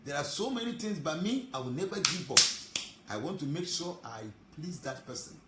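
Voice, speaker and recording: A man giving a sermon as a spiritual teacher, emphatic, with drawn-out phrases. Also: on the high side, expressive. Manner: emphatic, drawn-out phrasing, chuckles between points. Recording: roomy with faint ambient noise.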